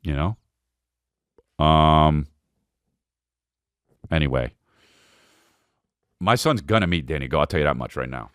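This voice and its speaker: Low-voiced rambling comedian, animated. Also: male voice, unhurried, pauses often, smooth, no echo, studio quality. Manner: rambling, swearing, excitable. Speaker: podcast host. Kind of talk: casual comedic monologue.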